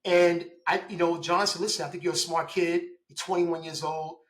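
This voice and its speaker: A man in his forties, a police officer telling his story in a casual interview, lively, laughing and acting out quoted dialogue. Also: fairly high pitch, moderate pace, rough recording.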